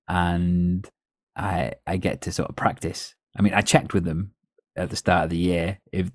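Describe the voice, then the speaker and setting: A man hosting a podcast, telling stories in a relaxed, chatty way with a North West English accent. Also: deep voice, no echo, studio quality. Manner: storytelling, chatty with laughs. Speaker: podcast host. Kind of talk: casual chat.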